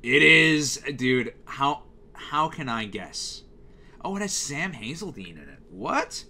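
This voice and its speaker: A man's voice: mid-range voice, huge pitch swings, measured pace, bright, forceful tone, slight background noise. A young man giving a casual, exasperated rant about a TV channel's schedule, full of fillers and restarts. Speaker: youtuber reviewing TV schedules. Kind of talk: casual ranting commentary.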